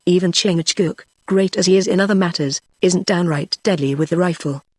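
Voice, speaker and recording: Reading at a brisk clip, a mid-range synthetic voice that sounds natural gives solemn voice to a young male frontier hunter's earnest backwoods speech in an audiobook. The sound is clean studio quality without any echo.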